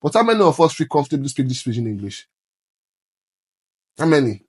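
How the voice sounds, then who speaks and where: This young man from Nigeria talks quickly and emphatically in a husky, medium-pitched voice with big pitch swings. Chatting casually on a podcast in a Nigerian accent, he slips Pidgin into his English.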